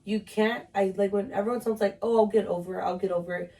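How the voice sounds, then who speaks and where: A woman's voice: medium pitch, fairly even intonation, fast talker, mellow, far from the mic. A young woman co-hosting a podcast in casual chat, talking frankly with lots of filler words and some swearing. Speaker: podcast co-host. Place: bedroom with tripod. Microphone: camera on tripod.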